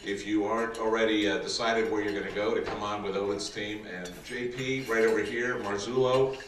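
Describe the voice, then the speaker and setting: A man giving an earnest, slow and emphatic speech endorsing a candidate at a dinner. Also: lowish voice, level tone, background noise. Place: large dinner hall with an audience. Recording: echoey hall, distant mic, clattering dishes.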